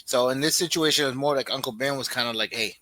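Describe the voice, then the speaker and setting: A man's voice: mid-range voice, fast talker, dry recording. A middle-aged man co-hosting a casual podcast chat, telling stories animatedly and acting out what his kids say. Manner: animated storytelling, acts out family quotes. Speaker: podcast co-host.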